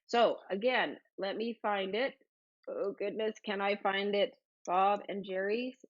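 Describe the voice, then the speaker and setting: A woman's voice: medium pitch, a little slow, muffled recording. A woman hosting a livestream, chatting casually and bubbly as she reads out viewer comments with lots of exclamations. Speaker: livestream host.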